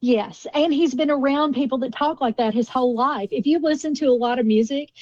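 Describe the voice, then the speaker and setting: A fairly high-voiced woman chatting and teasing as a radio co-host. The sound is dry and a little dull, like a broadcast feed. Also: fairly quick, darkish tone, no room sound. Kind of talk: morning radio banter.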